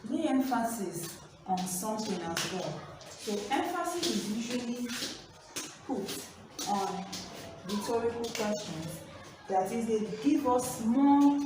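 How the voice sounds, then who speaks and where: Slow-paced teacher in an echoey room. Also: female voice, a little high. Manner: repeats key points, asks the class questions. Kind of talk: slow, clear online class lesson. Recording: distant mic in an echoey room with background noise.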